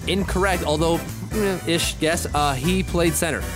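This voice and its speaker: A man co-hosting a casual sports podcast, chatty and quick to laugh. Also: a little high, music in the background. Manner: chatty, laughs easily, quizzing his co-host. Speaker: podcast co-host.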